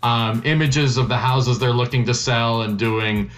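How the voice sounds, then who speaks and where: A man's voice: mid-range voice, fairly even intonation, unhurried, a bit bright. A male hospitality professor giving analytical expert commentary in an interview, articulate and dryly wry.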